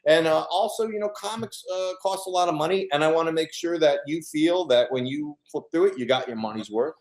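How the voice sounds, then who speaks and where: A man's voice: on the high side, a little fast. A middle-aged man speaks earnestly and steadily, stopping often to search for words. His voice carries a noticeable room echo from the shop space. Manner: earnest, steady, many fillers. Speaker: comics artist, guest. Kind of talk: casual chat at a live event. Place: comic shop event room.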